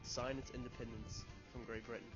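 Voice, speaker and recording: A man's voice: medium pitch, little pitch movement, a little fast, lo-fi sound, over music. A young man and student host who runs a joking campus quiz, outdoors on a college campus, with dry self-mocking humor. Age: young adult.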